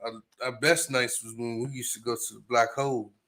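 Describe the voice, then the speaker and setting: A man's voice: medium pitch, flat delivery, a little fast, a crowd in the background. A man co-hosting a podcast, chiming in with short laid-back remarks in casual chat.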